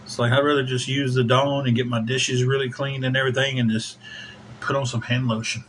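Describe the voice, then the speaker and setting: A man's voice: mid-range voice, little pitch movement, brisk, a bit bright, a little hiss or hum, low-quality recording. Folksy man chatting on a livestream. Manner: rambling, folksy, thanks viewers by name. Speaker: livestream host. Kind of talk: casual livestream chat.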